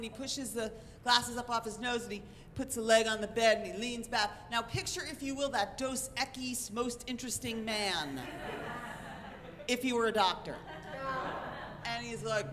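Wry woman telling a story on stage. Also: fairly high pitch. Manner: animated, wry, self-mocking. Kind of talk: live comic storytelling on stage. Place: live venue with audience. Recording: reverberant hall, faint noise.

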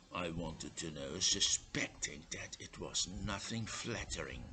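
A man reads a humorous short story slowly and with a lively, rising and falling delivery. His voice is bright but gravelly and a little husky, and his dry comic asides land at an unhurried pace. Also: on the low side, low-quality recording. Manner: measured, dryly comic reading with indignant asides. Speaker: storyteller and English teacher.

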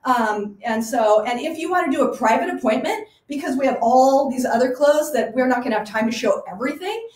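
Gushing high-voiced woman showing clothes. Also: lively intonation, fairly quick, hardly any pauses, darkish tone. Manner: gushing, enthusiastic, chatty. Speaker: boutique owner presenting clothes. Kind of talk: live online clothing showcase. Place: small home boutique in a garage. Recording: echoey room.

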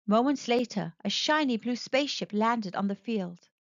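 A woman reading a children's storybook aloud, expressive and animated. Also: fairly high pitch, moderate pace, no room sound, lo-fi sound.

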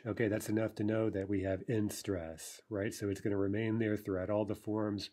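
Low, mellow-voiced man teaching verb forms. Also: level tone, a little fast, few pauses. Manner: explains step by step, often checks with "right?"; pronounces foreign verb forms carefully. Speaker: language teacher. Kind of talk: recorded online lesson.

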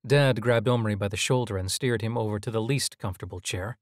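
A man narrating a scripted audio drama in an even, measured storytelling manner. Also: fairly low pitch, no room sound, clean studio sound.

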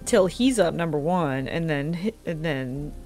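A woman's voice: sits low, animated, measured pace, music in the background. A woman playing a video game and commenting bluntly, with sarcasm and frequent swearing. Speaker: gaming video creator. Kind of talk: let's play commentary.

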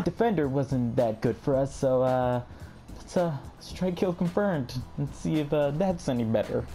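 A young man giving excitable commentary over his own gameplay, yelping, groaning and swearing at the game. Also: medium pitch, normal speed, soft background music. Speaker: gaming channel host.

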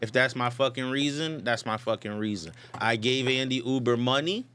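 A man's voice: medium pitch, normal speed, a bit bright, slight background noise. A man co-hosting a comedy podcast, insisting on his version of events and defending himself in a casual argument. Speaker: podcast co-host.

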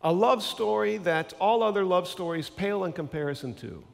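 A male pastor preaching a sermon in a warm-hearted, conversational storytelling way, earnest as he builds his point. His voice sits on the high side for a man. Long reverb from the church sanctuary trails every phrase. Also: expressive, normal speed, vocal fry.

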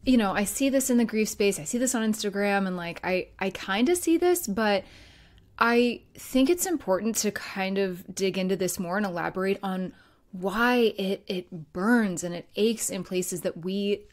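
A woman's voice: medium pitch, moderate pace. A woman in her thirties hosting a solo podcast as a grief coach, talking in a conversational way with light laughs and fillers.

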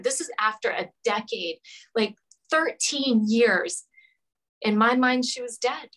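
A woman's voice: medium pitch, moderate pace, a bit bright, rough recording. A woman from Rhode Island, a podcast guest, earnestly telling a personal story of forgiveness. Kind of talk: emotional personal story in interview.

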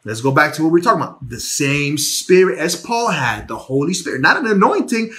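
Male preacher, high and bright, casual livestream Bible teaching on a phone at home, animated, restarts words. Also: brisk. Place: home bedroom.

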